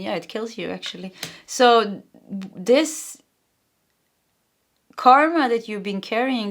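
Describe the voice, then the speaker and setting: Woman tarot reader from Sweden, Swedish native speaking English, middling pitch, emotional and earnest delivery. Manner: emotional, earnest, frequent laughs and fillers. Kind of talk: pick-a-card tarot reading.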